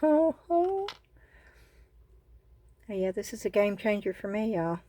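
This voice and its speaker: A woman with a Southern US accent hosting a casual crafting vlog from her phone camera, gushing with excited exclamations. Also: medium pitch, a little fast, no echo. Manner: excited exclamations, says y'all a lot. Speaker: craft channel host.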